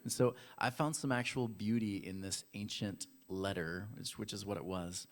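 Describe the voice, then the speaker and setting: Speaking at a moderate pace in a lowish voice, a pastor gives a light, playful sermon in a church hall. He keeps it chatty, plays games with the audience, and addresses the congregation directly.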